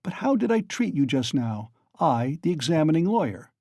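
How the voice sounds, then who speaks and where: A man's voice: on the high side, sing-song, normal speed, warm tone, dry recording, studio quality, pitched above the performer's own voice. A man voicing a sly, ironic middle-aged examining lawyer who mocks and chuckles good-humoredly in a storybook reading. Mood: mocking.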